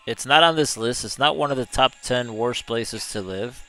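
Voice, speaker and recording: A man's voice: mid-range voice, normal speed, bright, forceful tone, faint music behind. A man hosting a livestream, chatting casually with viewers, reading their comments aloud and chuckling often. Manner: easygoing, chuckles often, drawls words. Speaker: livestream host.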